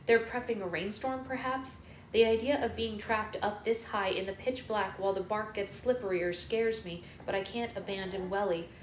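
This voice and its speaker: A woman's voice: mid-range voice, fairly even intonation, normal speed, echoey room, a little hiss or hum. A woman reading a novel aloud for a livestream book club, narrating steadily in the first person. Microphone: phone.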